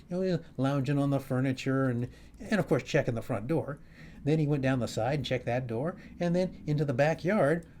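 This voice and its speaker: A male comedian telling a wry story at home in a halting, restarting way. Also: medium pitch, a little mellow, slight background noise. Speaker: comedian and host. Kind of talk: storytelling monologue. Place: his home, upstairs.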